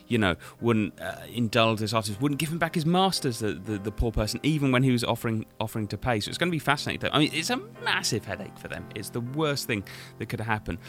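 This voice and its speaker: A man hosting a radio music chat, his voice bright and forward with a lively rise and fall. He talks casually and breaks into little acted-out quotes. Faint music sits underneath. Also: fairly low pitch. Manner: lively, animated, acts out quotes. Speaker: radio show host.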